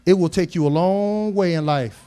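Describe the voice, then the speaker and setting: A man's voice: sits high, moderate pace, dark tone, clear, resonant tone. A middle-aged man preaching a sermon, telling homey family stories with humor and building to emphatic, raised points. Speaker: pastor.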